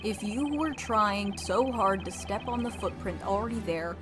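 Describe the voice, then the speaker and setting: A woman's voice: medium pitch, animated, measured pace, close to an everyday voice. A woman voicing an earnest, sometimes stammering young male defense lawyer while streaming a game. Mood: arguing. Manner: earnest, stammering when cornered. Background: game music.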